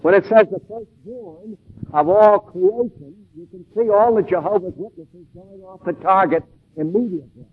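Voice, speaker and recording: A man giving an expository sermon in a measured, deliberate way, with emphatic stresses and pauses. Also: high-pitched, slightly rough. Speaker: preacher. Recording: tinny phone-like old tape recording.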